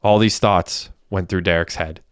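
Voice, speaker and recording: A man reads a crime story in a steady, even manner. His low voice is smooth and clear, and the recording is close and free of room sound. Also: normal speed, no room sound. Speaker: audiobook narrator. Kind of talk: scripted narration.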